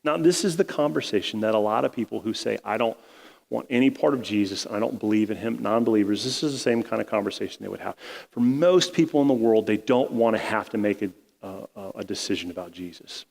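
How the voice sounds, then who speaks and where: A man's voice: on the low side, fairly quick, creaky, a little mellow, big-room sound. A male pastor preaching a sermon in a casual, conversational way, retelling scripture in everyday slang.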